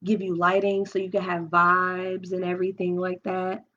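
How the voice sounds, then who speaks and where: Woman, young adult, live stream host, open emotional talk, processes aloud, lower voice, muffled lo-fi sound. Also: monotone, normal speed, a bit bright. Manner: open, emotional, talks things through aloud with restarts. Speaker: livestream host. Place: at home. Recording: dull lo-fi stream audio.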